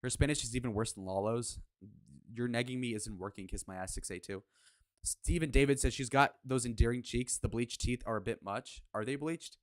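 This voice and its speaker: A young man in his twenties giving casual reaction commentary, blunt, profane and quick to get worked up. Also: medium pitch, no echo, studio quality. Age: 20s. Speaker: streamer reviewing his own speed date.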